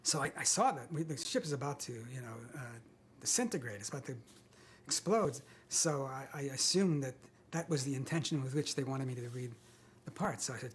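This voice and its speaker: A man's voice: mid-range voice, lively intonation, brisk, slight background noise. An older man, an actor guest in an interview, telling self-deprecating anecdotes with hesitant restarts.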